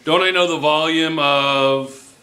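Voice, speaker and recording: A man's voice: on the high side, fairly even intonation, slow, sharp tone, slight background noise. A man teaching a chemistry review class, coaxing students with question after question. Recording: echoey classroom.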